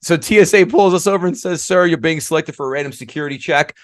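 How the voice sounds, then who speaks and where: A man's voice: on the high side, quick pace, no room sound. A man co-hosting a comedy sports betting podcast, reading a long list of bets and joking, a bit tongue-tied. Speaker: podcast co-host. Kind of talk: casual sports betting chat.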